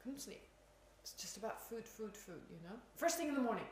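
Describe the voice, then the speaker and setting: Chatty woman giving a lively dharma talk. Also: a little high, quick pace. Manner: chatty, laughs often, self-mocking. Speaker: Buddhist teacher. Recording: echoey room, faint ambience.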